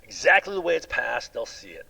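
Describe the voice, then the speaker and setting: A man's voice: on the high side, sing-song, fairly quick, gravelly, pushed and bright, breathy edge, poor audio. A man giving a rambling personal monologue in an aggrieved tone, restarting often and asking "right?" after many sentences. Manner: repetitive with frequent restarts. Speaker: video blogger.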